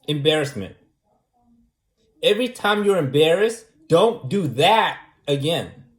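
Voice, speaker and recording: Repetitive ranting man, echoey room. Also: fairly high pitch. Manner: repetitive, argumentative, keeps asking "right?". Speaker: vlogger. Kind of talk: casual monologue.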